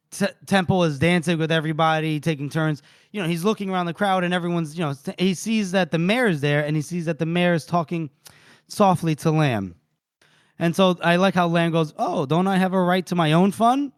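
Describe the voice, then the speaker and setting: High-voiced man retelling a story. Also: smooth, dry recording, studio quality. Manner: animated storyteller, quotes characters, laughs often. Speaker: podcast co-host recapping a book. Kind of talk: casual chat, retelling scenes.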